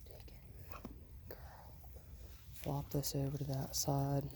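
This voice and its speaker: Low-voiced woman dog trainer outdoors. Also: slow pace. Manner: calm, coaxing, keeps praising the dog between explanations. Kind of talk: instructional walk-along narration. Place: outdoors on a residential road. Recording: outdoor noise in the background.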